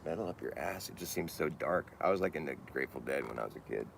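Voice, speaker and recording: A man's voice: a bass voice, animated, quick pace, creaky, noisy background. A man talking in a loose, rambling monologue, often restarting his sentences and laughing at himself.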